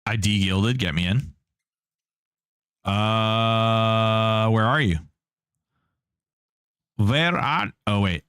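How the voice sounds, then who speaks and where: A man's voice: fairly low pitch, drawn-out words, long pauses, a bit bright, clear, resonant tone, dry recording. Streamer dude chatting over his game, teasing chat, dry close mic. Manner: chatty, jokey, reads and answers chat. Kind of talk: casual live-stream commentary.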